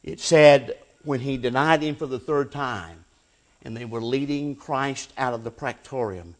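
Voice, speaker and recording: A man preaching a sermon, swinging between loud emphatic peaks and hushed, low endings, and reading scripture aloud. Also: measured pace.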